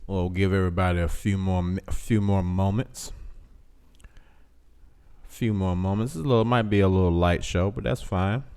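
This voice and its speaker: A man's voice: low-pitched, moderate pace, a little mellow, smooth. A man hosting a casual live show, chatting in a laid-back way with viewers and repeating himself. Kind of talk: casual livestream chat.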